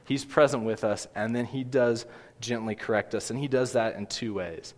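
A man in his twenties or thirties preaching a sermon as a pastor, earnest and gentle, with emphatic rises. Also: medium pitch, fairly even intonation, moderate pace. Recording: long hall reverb.

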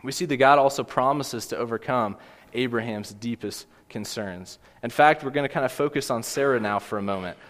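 A man's voice: medium pitch, brisk, a bit bright. A man preaching a sermon in an ordinary mid-range voice. He speaks earnestly, putting questions straight to his listeners and circling back to repeat his main points. The sound carries a long reverb, like a large church hall. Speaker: pastor.

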